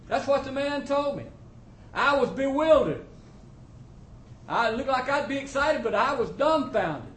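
This preacher's extremely high voice is expressive and a bit bright, and he takes his time, pausing often. He shares his testimony with the congregation in a homespun, country-grammar style, recorded with a roomy echo and faint ambience.

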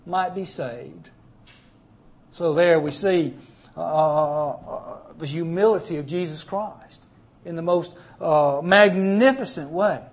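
A man preaching a sermon. He speaks emphatically, with sudden swings in loudness and repeated words. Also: fairly high pitch, slow.

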